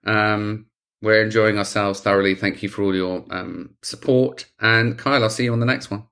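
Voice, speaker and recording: A man's voice: fairly low pitch, fairly even intonation, normal speed, fairly bright tone. A man co-hosting a podcast in casual, earnest chat. He laughs often and swears casually. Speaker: podcast co-host.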